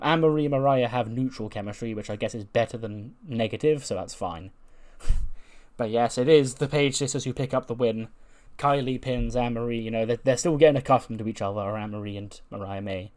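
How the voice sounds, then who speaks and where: A man casually narrating a wrestling simulation playthrough, chatty and full of fillers. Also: mid-range voice. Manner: chatty, filler-heavy, laughs now and then. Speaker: game narrator.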